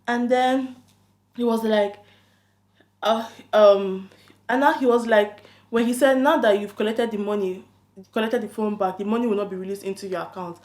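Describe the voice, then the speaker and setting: Animated woman telling a story, echoey room. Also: mid-range voice, unhurried, pauses often. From London. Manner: animated, quotes both sides of a chat, frequent "I'm like". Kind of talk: casual storytime chat.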